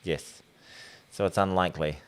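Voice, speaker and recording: A man's voice: deep voice, fairly even intonation, moderate pace, clear, resonant tone. A man, co-hosting a casual podcast chat, rambling and laughing as he talks. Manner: rambling, trails off mid-sentence, laughs while talking. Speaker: podcast co-host.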